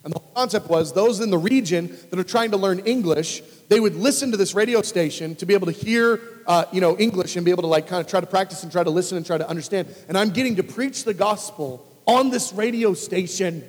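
A man preaching a storytelling sermon in an animated way, acting out conversations. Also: high-pitched, fast, hardly any pauses. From United States. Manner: animated, acts out dialogue in lively voices. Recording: long reverb of a large hall.

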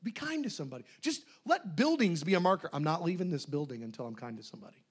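A male pastor giving a casual, conversational sermon. His high voice leaps around with lively pitch. He swings between loud, excited bursts and quiet, hushed asides. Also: fast, husky.

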